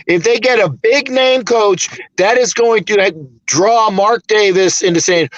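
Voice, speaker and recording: A man's voice: sits high, measured pace, no room sound, lo-fi sound. A man hosting a casual sports podcast, talking in an emphatic, rambling way with some swearing. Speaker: podcast host.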